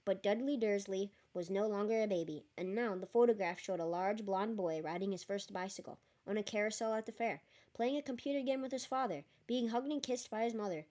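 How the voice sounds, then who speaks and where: A woman reading a novel aloud in a lively way, breaking off for chatty, joking asides. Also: mid-range voice. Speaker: reader.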